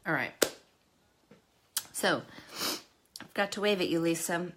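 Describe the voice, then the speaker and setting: Casting: woman host on a makeup livestream, lowish voice with a lively pitch, chatty and emotional, webcam sound. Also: measured pace. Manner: chatty, emotional, self-deprecating, talks to viewers by name. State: tearful at times. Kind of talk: casual live makeup chat.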